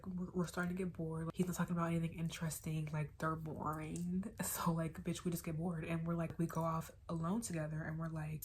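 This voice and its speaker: A young woman telling a storytime tale casually, animated and dramatic, with plenty of swearing. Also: sits low, slight background noise. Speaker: vlogger.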